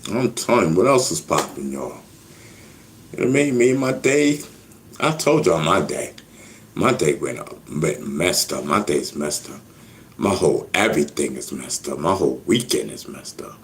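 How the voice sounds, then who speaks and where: A man's voice: extremely low pitch, sing-song, moderate pace, slight background noise. A man hosting a casual livestream with speech, rambling and often repeating "you know what I mean.". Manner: gets loud and shouty when worked up. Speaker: livestream host.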